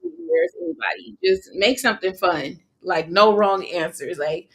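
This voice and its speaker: A woman's voice: mid-range voice, sing-song, moderate pace, few pauses, fairly bright tone. A young woman from California, an online course creator, talking casually on a live stream, chatty and slangy, laughing often.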